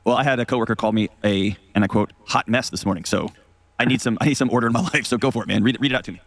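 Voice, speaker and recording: A man's voice: on the low side, dry recording. A man hosting an advice call show, talking in a casual, folksy way and telling stories to make his point. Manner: rapid, folksy, tells stories.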